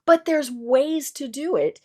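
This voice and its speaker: A woman from the Colorado mountains talks as the host of a casual interview. Her voice sits a bit high and swings widely as she tells stories in an animated, chatty way. She keeps the talk going with frequent affirming murmurs. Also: slow pace.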